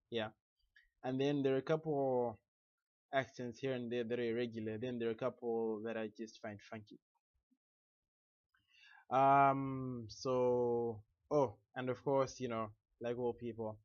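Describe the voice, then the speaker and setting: A man's voice: mid-range voice, a little mellow, no room sound. A young man talking casually to camera in a loose, rambling, self-deprecating way. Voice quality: chatty, many restarts and fillers, self-deprecating. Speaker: vlogger. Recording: dull lo-fi, dry.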